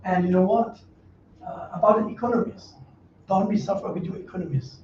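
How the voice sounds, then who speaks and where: A high-voiced male monk speaks a little fast during an informal dharma talk for his Dhamma class in a meditation center hall. Blunt and humorous, he laughs through his broken English. Faint noise, a dull mic and a roomy, distant sound mark the recording.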